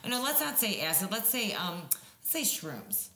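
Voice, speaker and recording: A woman in her forties co-hosting a casual podcast, telling stories in an animated way and swearing freely. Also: mid-range voice, normal speed. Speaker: podcast co-host. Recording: roomy echo with faint music.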